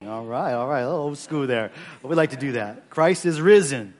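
A man's voice: medium pitch, brisk. A man preaching on an Easter morning as pastor, chatty with many asides and leading his church in call-and-response. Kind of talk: Easter sermon.

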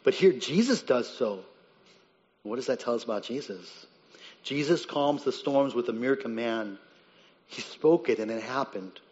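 A man's voice: animated, measured pace, highs cut off. Earnest male preacher in a reverberant hall. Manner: earnest preaching, rising to emphatic peaks, dropping low and quiet on key words. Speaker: pastor. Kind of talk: sermon.

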